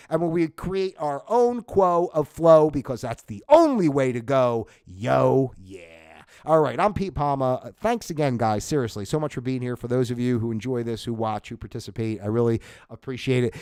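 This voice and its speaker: A man's voice: fairly high pitch, darkish tone, clean tone, no echo, studio quality. A man from New Jersey hosting a casual livestream, ranting in a loose, profane way and laughing at his own jokes. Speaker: livestream host.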